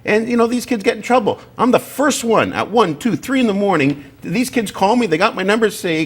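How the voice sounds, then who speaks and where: A man hosting a political talk show, speaking haltingly with many fillers and restarts. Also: high-pitched, animated, slightly rough. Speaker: show host.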